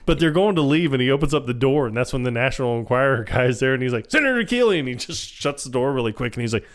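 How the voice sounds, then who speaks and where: A man's voice: medium pitch, fast. A man co-hosting a podcast, retelling movie scenes in casual chat and acting out the characters' lines with bursts of laughter. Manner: animated retelling, acts out film quotes with laughs. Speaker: podcast co-host. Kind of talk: casual chat recapping a film.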